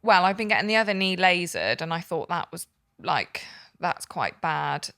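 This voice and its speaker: A young woman from Hereford, England, guesting on a podcast. She talks in a low, gravelly voice with plenty of vocal fry. Her stories ramble along with easy fillers and quick laughs. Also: very animated, fairly bright tone, no room sound, clean studio sound. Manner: chatty storyteller, fillers and laughs. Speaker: tattoo artist, podcast guest. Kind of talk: casual chat.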